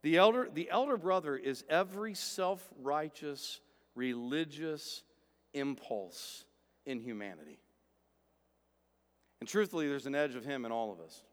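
A man preaches a sermon with a high, very lively voice that climbs to loud emphasis and drops to quiet, low stretches. His voice rings with the long reverb of a large hall. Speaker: pastor.

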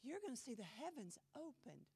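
A woman pastor preaching a sermon in a church, emphatic with dramatic pauses, her voice a little strained. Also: high-pitched, very animated, warm tone, husky. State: voice trouble, slightly strained.

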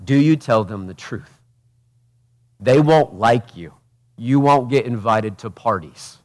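Passionate man preaching a sermon. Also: mid-range voice. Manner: passionate, swings from loud urgent peaks to quiet intimate asides; preaches with rhetorical questions and acted quotes. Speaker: pastor.

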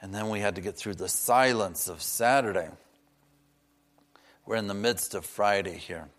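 A man preaching a sermon, earnest and personal, slowing down to stress key words and dropping in chatty asides. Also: on the low side, fairly bright tone.

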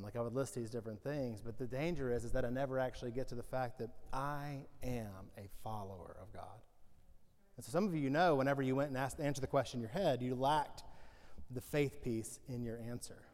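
A male pastor giving a conversational, joking sermon with animated storytelling. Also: mid-range voice, in a large hall.

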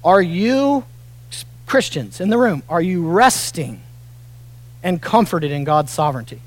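High-voiced earnest man preaching. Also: animated, slow pace. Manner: earnest, swings from soft and near tears to loud emphatic peaks. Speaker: pastor. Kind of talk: sermon. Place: church auditorium.

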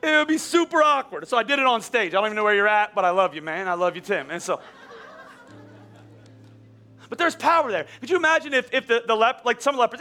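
A middle-aged pastor preaches a sermon with a very high voice and a quick pace. His delivery is conversational and animated, sometimes climbing almost to a shout.

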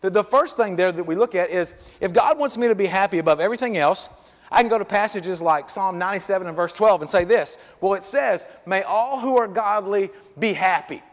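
A man's voice: sits high, fast talker, long reverb tail. A man pastor preaching a sermon in a church, talking conversationally and piling up rhetorical questions. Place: church sanctuary.

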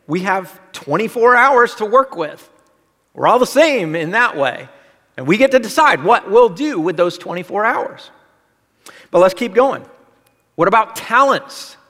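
A man's voice: high voice, a bit bright, in a large hall. A male pastor giving a conversational sermon, asking the congregation questions. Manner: conversational preaching with rhetorical questions.

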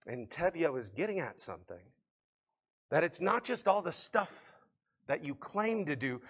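A man's voice: on the high side, big pitch swings, unhurried, fairly bright tone, husky. A man preaching a sermon in an earnest, fervent way, with many fillers and restarts. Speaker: pastor.

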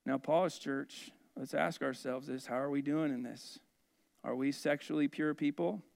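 Male pastor, slightly high voice, conversational sermon delivery, questions to the congregation and humorous asides. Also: gravelly, a bit bright, clear, resonant tone.

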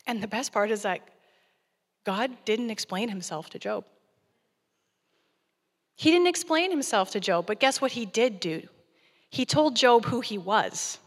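A woman's voice: on the high side, animated, measured pace, long pauses, big-room sound. A woman guest preacher giving a conversational sermon and acting out scripture dialogue.

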